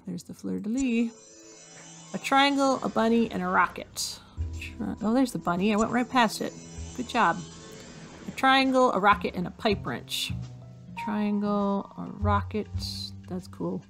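A woman's voice: mid-range voice, gravelly, fairly bright tone. A woman giving casual commentary while playing a hidden object game, reading out item lists and joking to herself. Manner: chatty, reads item lists aloud, jokes to herself. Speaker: game streamer.

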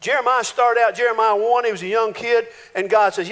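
A male pastor, preaching a folksy, animated sermon full of playful voiced quotes in a church sanctuary. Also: very high-pitched, a little fast. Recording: reverberant church hall.

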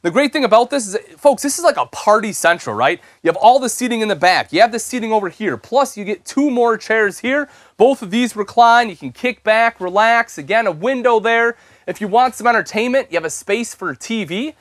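A man's voice: high voice, lively intonation, a little fast, few pauses, fairly bright tone, no room sound, clean studio sound. A young man hosting an RV show, giving an enthusiastic, chatty sales walkthrough inside a travel trailer and calling viewers "folks". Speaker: RV show host.

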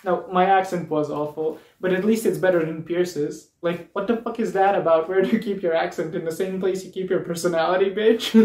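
A man's voice: high voice, moderate pace, few pauses, darkish tone. A drag performer from Serbia, a man, delivering a biting comedy roast with mocking punchlines and laughs, recorded on a distant mic. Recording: roomy, distant mic with faint noise.

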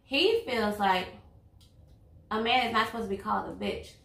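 A woman's voice: medium pitch, moderate pace, creaky, a bit bright. A woman, talking bluntly and outspokenly in a casual couple chat over a meal. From Louisiana. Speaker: vlog host, girlfriend. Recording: echoey room, mic at a distance.

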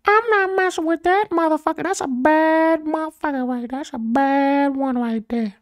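A man's voice: extremely high pitch, moderate pace, dry recording, clean studio sound, pitched above the performer's own voice. A man doing an impression of a wary male parrot that talks crude and brash. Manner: squawky, crude.

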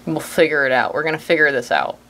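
A woman's voice: sits low, fast, music in the background. A woman vlogging at home in a rambling, upbeat way, using folksy slang. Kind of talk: casual chat to camera.

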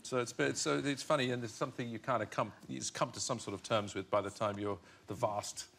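A man's voice: mid-range voice, fairly even intonation, fairly quick, creaky, fairly bright tone. A middle-aged man from Northern Ireland, a guest on a TV chat show, talking in a reflective way with many restarts and easy laughs. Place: television studio.

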